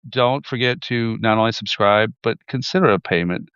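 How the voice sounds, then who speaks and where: Male host, relaxed, occasionally swearing, smooth clear voice, dry and slightly dull audio. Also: on the low side, normal speed, dry recording. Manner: loose, rambling, casual swearing. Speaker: show host. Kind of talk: casual interview chat. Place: in Ukraine.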